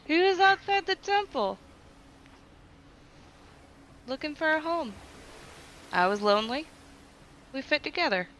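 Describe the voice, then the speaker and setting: A woman playing a tabletop game, speaking in character in a soft, affectionate way. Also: high voice, big pitch swings, moderate pace, a little hiss or hum. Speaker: player. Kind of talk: in-character role-play.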